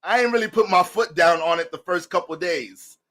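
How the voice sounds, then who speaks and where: A man with a noticeably high speaking voice gives a loose astrology talk. He slides into joking, profane stories and talks to viewers as family. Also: brisk, a bit bright. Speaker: astrology reader. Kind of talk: casual astrology talk with storytelling.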